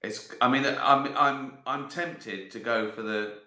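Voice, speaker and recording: A man's voice: mid-range voice, slow pace, pushed and bright. A man chatting casually on a live stream, answering viewer questions in a rambling way, swearing and laughing at his own jokes. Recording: echoey room.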